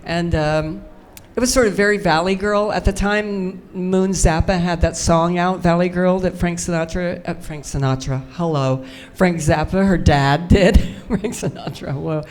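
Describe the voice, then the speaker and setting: A woman's voice: on the low side, steady tone, measured pace, a little mellow. An older woman telling anecdotes as a guest on a convention panel, chatty and self-mocking. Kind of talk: storytelling on a fan panel. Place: convention stage before a live audience.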